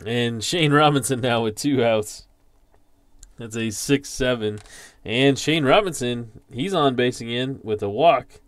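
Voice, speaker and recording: A man doing measured play-by-play for a tabletop baseball game, in an unhurried, methodical delivery. His voice sits at an ordinary pitch and is recorded close and dry, with no room sound around it. He works through dice results and stat lines one at a time. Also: animated, a bit bright, dry recording. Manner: slow and deliberate, reading out dice rolls and stats. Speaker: league commissioner calling a tabletop baseball sim. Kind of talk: play-by-play commentary.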